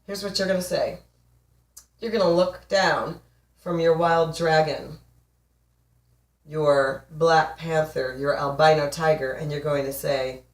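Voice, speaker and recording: Speaking to camera from a distance in an echoey room, this woman in her forties is a relationship coach giving a motivational talk that's emphatic, playful and full of laughter. Her voice is deep, a little slow, with fairly even intonation.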